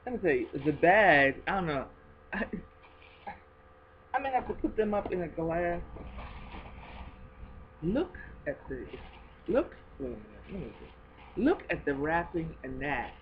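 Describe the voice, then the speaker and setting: Lively woman on a lo-fi home vlog. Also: on the low side, a little slow, long pauses, slight background noise. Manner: expressive, swinging from hushed to excited; talks of God and blessings. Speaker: video blogger. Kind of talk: faith video blog, casual talk.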